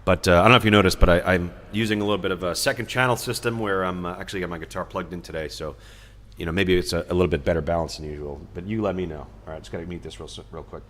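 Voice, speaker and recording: A man's voice: deep voice, fairly even intonation, rapid-fire, fairly bright tone, long reverb tail. A man hosting a live music stream, chatting casually between songs, rambling and joking as he reads viewer comments aloud.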